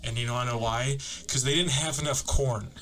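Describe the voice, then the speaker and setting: A man's voice: medium pitch, steady tone, a little fast, noisy background. A man co-hosting a casual comedy podcast, rambling through jokes and laughing often. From northern United States. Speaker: podcast co-host.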